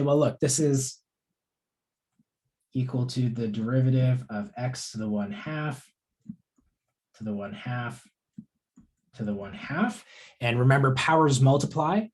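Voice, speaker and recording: The young man's voice is on the high side with a darkish tone. As a course instructor, he casually leads a live online math session, responding to student questions as he goes through problems.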